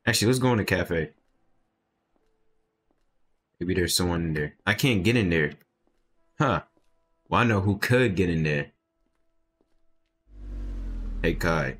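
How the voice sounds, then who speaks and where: Deep-voiced man doing gameplay commentary. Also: expressive, moderate pace, pauses often, slight background noise. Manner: casual, reads game text aloud, sudden loud outbursts. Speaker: gameplay video host. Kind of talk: gaming commentary reading dialogue aloud.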